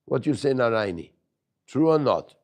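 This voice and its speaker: A man's voice: medium pitch, lively intonation, moderate pace, darkish tone. A man teaching a spiritual lesson to a live group in a room. He questions his listeners, jokes, and stresses key words. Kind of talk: devotional lecture to a live group. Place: room with a small audience.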